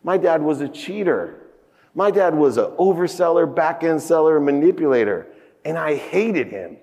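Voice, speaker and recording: A man in his fifties giving a motivational keynote speech on a conference stage, telling a personal story with big emotional swings in pitch and loudness. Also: lively intonation, normal speed, creaky. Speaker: keynote speaker. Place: large conference hall stage. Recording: echoey conference hall.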